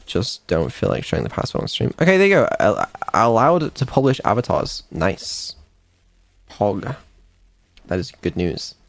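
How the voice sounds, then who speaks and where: A man's voice: fairly low pitch, huge pitch swings, moderate pace, gravelly, dry recording, faint music behind. A man, a developer and streamer, chatting casually on a live dev stream, laid-back and mumbling, with ums and the odd swear.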